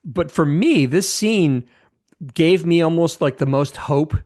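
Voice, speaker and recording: Podcast co-host, man, 50s, eager storyteller who restarts often, slightly raised pitch. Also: slow pace, a little mellow. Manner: enthusiastic rambling retelling with restarts. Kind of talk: casual film discussion.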